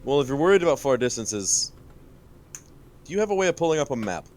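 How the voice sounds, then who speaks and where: A man playing a tabletop role-playing game, tossing in quick offhand remarks. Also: mid-range voice, very animated, darkish tone. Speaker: player. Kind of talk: casual tabletop role-play chat.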